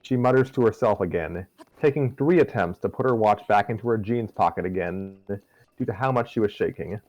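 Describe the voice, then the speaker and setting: A man hosting a show and narrating a fan story in a relaxed, chatty way. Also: on the low side, normal speed, dry recording, highs cut off. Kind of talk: casual fan fiction narration.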